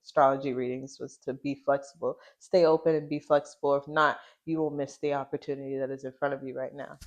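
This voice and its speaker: A woman's voice: rumbling low, little pitch movement, quick pace. A woman hosting a podcast in casual chat, reflective and easygoing, repeating words for emphasis. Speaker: podcast host.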